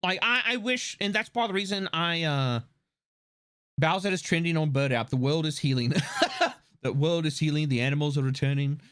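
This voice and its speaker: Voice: mid-range voice, moderate pace, a bit bright, clear, resonant tone. A live streamer chatting casually, swearing freely and restarting sentences often. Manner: rambling, swears freely, frequent restarts and fillers.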